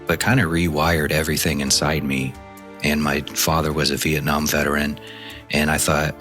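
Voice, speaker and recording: A man's voice: very deep voice, level tone, moderate pace, a bit bright, faint music behind. A man from the American Midwest telling his story candidly in an interview, animating it with quoted dialogue. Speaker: former intelligence officer guest.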